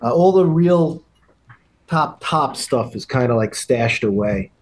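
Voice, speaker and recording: A middle-aged man, a guest on a podcast, telling anecdotes in a measured way. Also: medium pitch, expressive, a little mellow. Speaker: guest, music retail executive. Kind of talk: casual interview talk.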